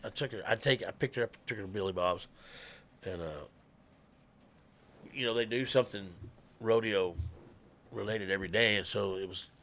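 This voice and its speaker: A man's voice: lowish voice, moderate pace, long pauses, fairly bright tone. A middle-aged man, telling stories in a chatty, laughing, drawling way. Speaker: guest musician. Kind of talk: casual storytelling.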